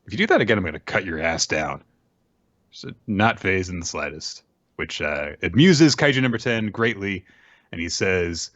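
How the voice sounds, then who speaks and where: A man's voice: deep voice, moderate pace, no echo, highs cut off. A man hosting a podcast, casually and animatedly recapping a manga chapter. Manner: animated retelling, drops into character voices. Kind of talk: casual chat.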